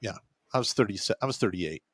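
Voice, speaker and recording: A man in his fifties, an Army veteran co-host, talking in terse, gruff bursts and keeping things short. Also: lowish voice, animated, fast, dry recording, clean studio sound. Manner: terse, gruff, agreeing interjections. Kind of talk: casual political talk show.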